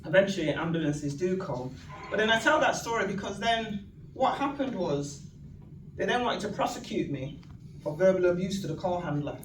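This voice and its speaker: A woman with a Northern English accent telling personal stories as a speaker at an event, animated, laughing often and acting out quoted speech. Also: on the low side, moderate pace. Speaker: guest speaker. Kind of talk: personal storytelling talk at an event. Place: event venue hall. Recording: echoey hall, mic from far off, noisy.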